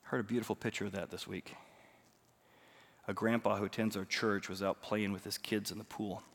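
A man preaches from the pulpit of a church sanctuary, dropping to a near hush for stories and then climbing into loud, emphatic passages. His voice carries a long reverb from the large hall around him. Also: fairly low pitch, level tone, brisk. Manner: swings between hushed storytelling and loud emphatic preaching. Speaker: pastor. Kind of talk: sermon.

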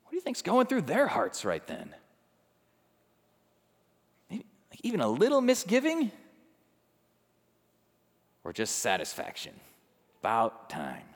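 A man preaching a sermon, swinging from loud intensity to hushed quiet and acting out the people he quotes. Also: mid-range voice, big-room sound. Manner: acts out quoted people in conversational asides. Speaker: pastor.

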